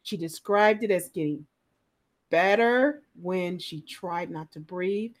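Animated woman telling clinical stories. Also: fairly low pitch, slow pace. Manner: animated, acts out the people in her stories. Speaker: guest, clinical nurse specialist in pain. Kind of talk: conversational storytelling in a podcast interview.

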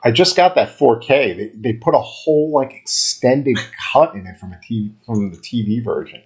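A man co-hosting a casual movie podcast, his pitch swinging up and down with an animated, easily amused way of talking. He keeps jumping into the conversation. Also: normal speed. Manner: animated, jumps in and laughs often. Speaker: podcast co-host. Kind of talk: casual chat.

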